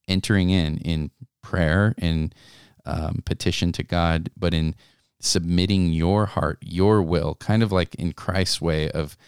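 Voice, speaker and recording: In clean, echo-free studio sound, a young man with a deep, clear, resonant voice co-hosts a devotional talk. He reads scripture and discusses it in an earnest, conversational way, restarting often and adding asides.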